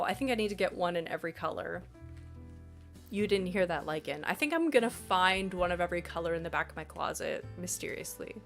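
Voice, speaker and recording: A congested woman streamer chatting casually with her viewers in a bubbly, chatty way. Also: mid-range voice. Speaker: live streamer. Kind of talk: casual live-stream chat reading viewer messages.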